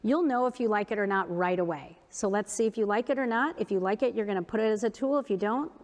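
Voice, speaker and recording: A woman of middle pitch speaks to a conference crowd, leading breathing and humming exercises in an upbeat, self-mocking way. Her slower cues turn soft and gentle. The voice rings with the long reverb of a big hall. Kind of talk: guided breathing and movement talk to an audience.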